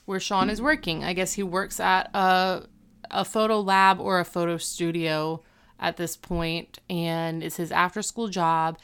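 A woman's voice: on the low side, unhurried, clean tone. A woman co-hosting a casual podcast, retelling a TV episode and acting out the characters' lines. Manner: animated retelling, acting out quotes. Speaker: podcast co-host recapping a TV episode. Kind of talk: casual chat.

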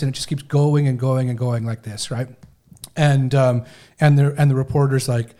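A man's voice: mid-range voice, fairly even intonation, moderate pace, warm tone. A man hosting a casual talk show, retelling a news story in a loose, conversational way with acted quotes. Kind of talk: casual chat.

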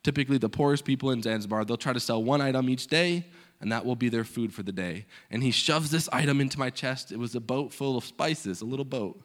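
A young man, a guest speaker at a church, telling a personal story in a sermon and acting out the dialogue with lively energy. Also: mid-range voice, quick pace. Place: church stage.

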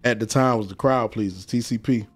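A man, a guest DJ telling stories in casual, profane, animated talk and acting out voices. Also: mid-range voice, fairly quick, faint music behind. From Atlanta, US. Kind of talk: casual storytelling.

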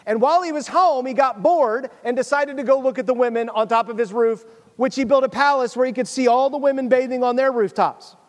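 High-voiced preacher in a reverberant hall. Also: male voice, fairly quick. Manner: conversational preaching, reads scripture then urges the listeners. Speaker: pastor. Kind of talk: sermon.

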